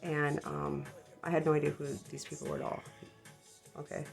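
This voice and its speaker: Woman vlogger, low and gravelly, rambling casual storyteller, music behind. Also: monotone, moderate pace. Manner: rambling, full of ums and likes; self-deprecating, embarrassed about the story. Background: background music.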